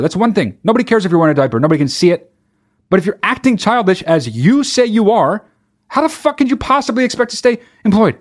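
Hosting a comedy commentary show, a man reads a news article aloud and reacts with sarcastic, profane disbelief. He has a high, sing-song voice and a quick pace.

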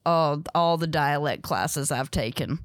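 A woman's voice: low voice, measured pace, no room sound, clean studio sound. A young woman telling funny stories on a podcast, acting out the other people's lines. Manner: animated storyteller, acts out quotes, laughs often. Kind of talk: casual storytelling chat.

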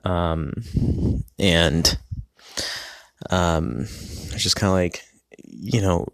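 A man casually telling a personal story about his family, halting with many ums and restarts. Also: sits low, gravelly, fairly bright tone, no room sound, studio quality.

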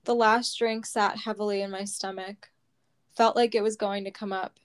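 A woman reading her own personal memoir aloud, slow and heavy, close to tears. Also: mid-range voice, level tone, smooth. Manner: slow, heavy, measured storytelling.

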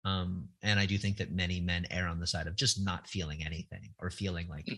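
A man's voice: low voice, flat delivery, brisk, bright, forceful tone, breathy edge. A middle-aged man telling candid personal stories in a reflective, earnest way, often restarting his sentences. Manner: reflective, earnest, hesitant with many restarts and fillers. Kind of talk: candid conversational storytelling.

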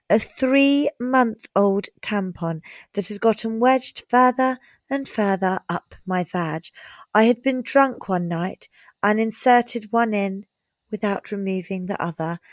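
A woman's voice: mid-range voice, no room sound, clean studio sound. A woman co-hosting a podcast, blunt and jokey, reading a listener's embarrassing confession. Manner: blunt, joking. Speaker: podcast co-host.

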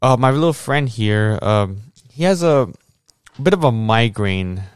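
Smooth-voiced young man playing a tabletop game. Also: mid-range voice, expressive, unhurried, no echo, studio quality. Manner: casual, joking, swears freely. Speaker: player.

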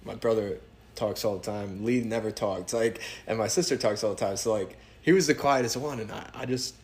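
A man hosting a casual podcast chat, easygoing and quick to react. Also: lowish voice.

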